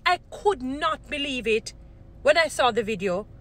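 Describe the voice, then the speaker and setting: A woman's voice: high voice, animated, unhurried, fairly bright tone. A woman giving Christian commentary in a casual vlog, earnest and given to repeating points for emphasis. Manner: earnest, grows indignant, repeats herself for emphasis.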